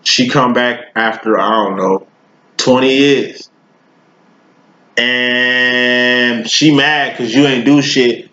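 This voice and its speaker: A man gives a casual tarot reading in a loose, profane, slangy style, wandering through long analogies as he goes. His voice sits at a middling pitch. The sound is roomy and a little dull, like a lo-fi home recording. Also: a bit bright. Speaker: tarot reader.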